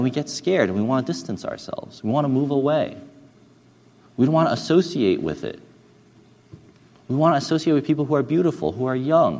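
A man preaching a sermon in an earnest, hesitant way, often restarting and dropping soft and low when he tells a story. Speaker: pastor. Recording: long hall reverb.

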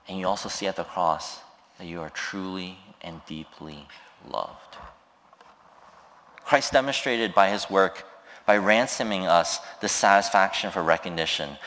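A man's voice: lowish voice, big-room sound. A man preaching a sermon, retelling a scripture story in a conversational way and voicing the people in it. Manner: retells scripture with lively voiced quotes, frequent fillers. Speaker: pastor.

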